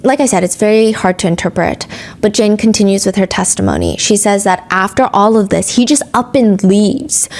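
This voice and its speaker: A woman hosting a true crime podcast, narrating court testimony and reading text messages aloud in an earnest storytelling manner. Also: a little mellow. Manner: earnest storytelling, rises in pitch when reading emotional texts aloud.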